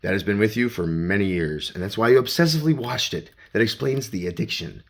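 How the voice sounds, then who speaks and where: Low-voiced man rambling to himself. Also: animated, fairly quick. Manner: talks to himself in second person, profane. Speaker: vlogger. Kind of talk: rambling self-talk vlog. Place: around his home and garage. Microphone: handheld phone.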